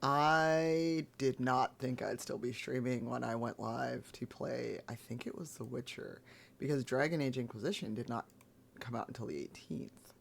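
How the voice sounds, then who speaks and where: A man streaming live, chatting casually with viewers in a rambling, laid-back way, his voice gravelly this morning. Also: mid-range voice, moderate pace. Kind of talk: casual chat.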